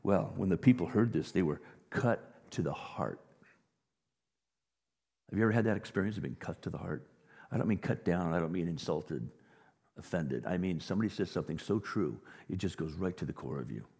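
Male pastor, sermon; low husky voice, big swings from hush to loud emphasis, reverberant hall. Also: lively intonation, a little fast. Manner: dynamic preaching, drops to a near whisper and rises to loud emphasis. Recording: long reverb of a large hall.

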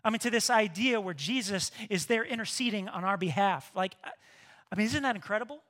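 Bright, lively male pastor preaching. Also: sits high, brisk. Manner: lively, swings between hushed and loud. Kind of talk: sermon.

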